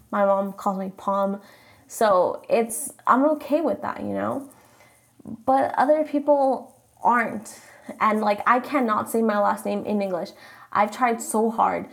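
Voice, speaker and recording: Creaky-voiced young woman venting bluntly. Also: fairly high pitch. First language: Spanish. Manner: blunt, exasperated, swears freely. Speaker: vlogger. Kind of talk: casual rant.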